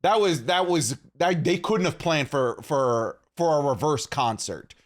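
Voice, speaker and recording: A man from Canada co-hosting a podcast, talking in an excitable, animated way and often saying "dude". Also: on the high side, measured pace. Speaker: podcast co-host. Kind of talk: casual chat.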